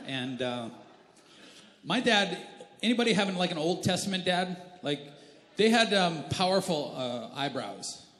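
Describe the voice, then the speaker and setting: Joking pastor in an echoing church hall. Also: male voice, high-pitched, big pitch swings, a little slow, a bit bright. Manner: joking, self-deprecating, chatty with asides to the congregation. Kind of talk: humorous sermon storytelling. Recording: roomy church hall with long reverb.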